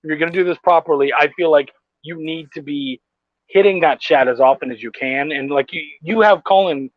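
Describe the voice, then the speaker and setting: A man's voice: on the high side, brisk, dry recording, dull audio. A man hosting a podcast, chatting casually over a video call, easygoing and swearing freely. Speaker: podcast host.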